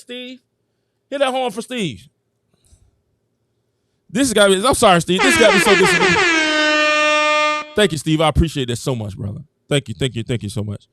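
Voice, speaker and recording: Animated man hosting a sports live stream. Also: on the high side, no room sound, studio quality. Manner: animated, emphatic, thanks viewers, talks straight to chat. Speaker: host.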